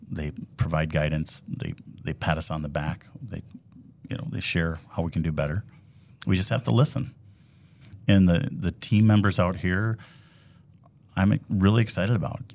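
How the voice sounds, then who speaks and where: A man with a Minnesotan accent speaks in a low, deep voice. He is an executive guest on a podcast, earnest and upbeat, leaning on tidy leadership phrases as he chats. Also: vocal fry, darkish tone. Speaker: credit union CEO, podcast guest. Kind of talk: casual interview.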